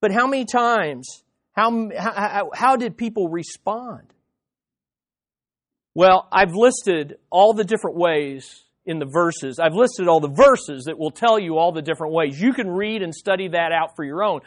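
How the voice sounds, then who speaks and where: Animated man preaching a sermon. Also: high voice, unhurried. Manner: animated preaching with playful impressions and frequent restarts. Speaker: pastor. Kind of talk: expository sermon.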